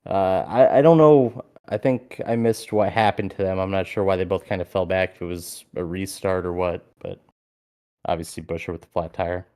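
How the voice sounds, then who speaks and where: A man co-hosting a podcast in casual chat, telling a story with animated energy and plenty of swearing. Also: low voice, moderate pace. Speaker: podcast co-host.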